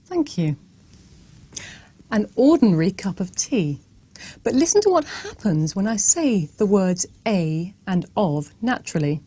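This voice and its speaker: Woman, video pronunciation tutor, lively melodic delivery, soft husky tone. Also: medium pitch, unhurried. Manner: demonstrative, models words for repeating. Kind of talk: scripted teaching video.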